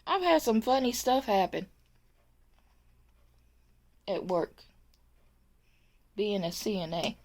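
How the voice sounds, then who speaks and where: Animated, slow-talking woman telling a story. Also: medium pitch. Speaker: nursing assistant. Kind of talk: storytime vlog.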